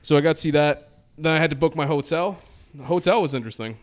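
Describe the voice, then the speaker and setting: A man telling a long trip story in casual podcast chat, animated, acting out quoted exchanges. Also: on the high side, quick pace.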